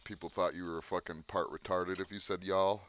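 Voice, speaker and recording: Low smooth-voiced man with a Chicago accent. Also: fairly even intonation, normal speed, a bit bright, dull audio. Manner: crude, joking, profane banter. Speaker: podcast co-host. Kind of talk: casual chat.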